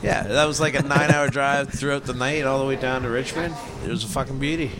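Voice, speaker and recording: A man's voice: mid-range voice, fairly even intonation, fast talker. Easygoing man from Canada, crowd behind. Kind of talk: casual chat.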